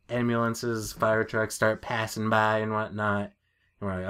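A man with a lowish voice chats on a casual podcast. He is from New England and tells stories with quick asides and easy laughs. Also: level tone, a bit bright, clear, resonant tone. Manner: laughing, storytelling, quick quips. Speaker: podcast co-host.

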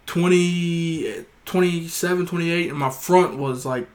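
A man's voice: a little high, unhurried. A man telling a long anecdote in casual chat. He quotes other people as he goes and swears freely. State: gets heated and shouts when indignant.

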